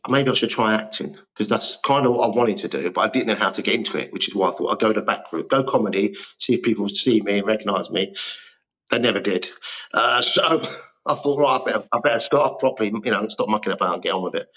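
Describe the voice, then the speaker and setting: A man's voice: fairly low pitch, fast talker, fairly bright tone, highs cut off. A man in his fifties, a guest actor telling rambling, self-deprecating stories in a casual interview. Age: 50s.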